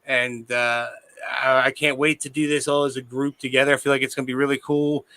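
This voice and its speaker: A man's voice: mid-range voice, little pitch movement, a little fast, pushed and bright, a little hiss or hum, low-quality recording. A man hosting a podcast, effusively thanking his guest in casual chat. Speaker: podcast host.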